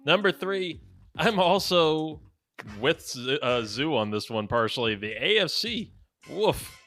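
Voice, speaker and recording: A man's voice: on the high side, animated, unhurried. A young man hosting a casual sports podcast, joking and keeping the countdown moving. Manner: joking, upbeat, runs the countdown. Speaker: podcast host.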